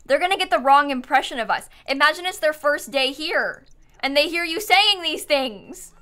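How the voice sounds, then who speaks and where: A young woman livestreaming a game with a high, bright voice that jumps all over the place. She chats with her viewers, giggles a lot and keeps thanking them, speaking through a headset. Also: animated, normal speed. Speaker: streamer. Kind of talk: live game stream chat. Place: home streaming setup.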